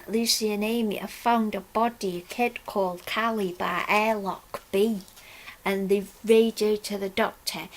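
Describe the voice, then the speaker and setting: A woman reviewing an audio drama, retelling the plot in a halting, breathless way with many restarts. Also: mid-range voice.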